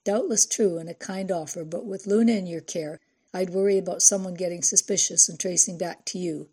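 A measured older woman speaks in low, precise, unhurried sentences, as a woman narrator puts her on. Her voice is husky and warm, with a soft authority. It is an audiobook reading. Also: steady tone.

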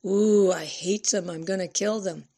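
A woman reading an audiobook voices a defiant, foul-mouthed teenage girl who yells and sneers. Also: mid-range voice, fairly even intonation, unhurried. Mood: furious. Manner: yelling, cursing, sarcastic.

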